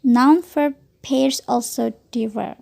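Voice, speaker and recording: A woman lecturer reads textbook material aloud at a slow, deliberate pace. Her fairly high voice has a gravelly, fry-edged texture and a mellow, dark tone. She occasionally stumbles over a word and corrects herself. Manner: slow, careful reading with occasional self-corrections.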